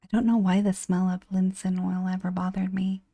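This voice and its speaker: A woman giving a whispered horror game narration, hushed and anguished, over faint music. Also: medium pitch, flat delivery, moderate pace, gravelly, no room sound. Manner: hushed, anguished first-person storytelling.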